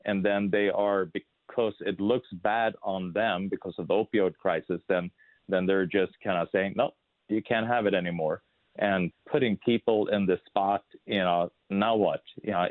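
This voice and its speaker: A man hosting an interview, talking in a halting way with many restarts. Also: low voice, steady tone, dry recording. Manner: halting, full of restarts and fillers. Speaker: interview host. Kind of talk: interview conversation. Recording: dry, phone-like narrow sound.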